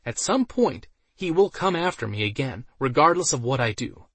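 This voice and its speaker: A man's voice: medium pitch, big pitch swings, moderate pace, slightly rough, no room sound, pitched above the performer's own voice. A man voicing a vain, pompous male mage who declaims theatrically. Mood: smug.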